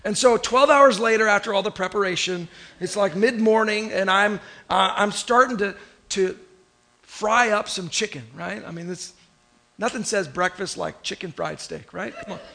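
A pastor from Oklahoma, telling a personal story in an animated, emotional sermon in church. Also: male voice, high voice, moderate pace, vocal fry.

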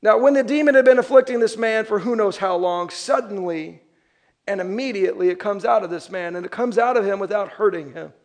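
A young adult man who is a pastor preaches a sermon in a high, fairly quick voice. He's animated, acting out the voices of the people he describes.

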